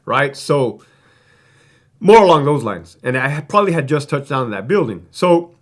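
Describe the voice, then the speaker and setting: A man's voice: on the high side, sing-song, normal speed. A man who used to be a prison guard tells stories in a casual, profane, streetwise way, rambling and restarting his sentences. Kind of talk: casual storytelling.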